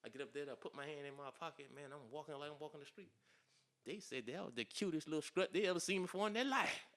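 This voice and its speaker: A man from South Carolina, a podcast guest telling animated stories, laughing often and acting out quotes. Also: fairly high pitch, quick pace. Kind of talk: casual storytelling interview.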